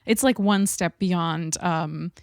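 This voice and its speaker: A woman's voice: fairly low pitch, takes it slowly, no echo, clean studio sound. A woman co-hosting a podcast, talking expressively about an old film and laughing often. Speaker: podcast co-host. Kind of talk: casual film discussion.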